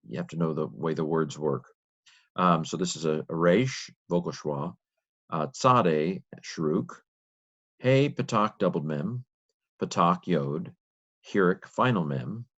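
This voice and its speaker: A man teaching, reading a text aloud letter by letter and thinking aloud in a slow, halting way. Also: sits low, lo-fi sound.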